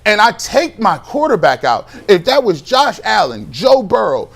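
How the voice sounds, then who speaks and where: A man's voice: sits high, big pitch swings, measured pace, gravelly, fairly bright tone. A man co-hosting a sports talk show, arguing his point with heat, emphatic and repeating himself as he builds his case. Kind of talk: heated sports talk debate.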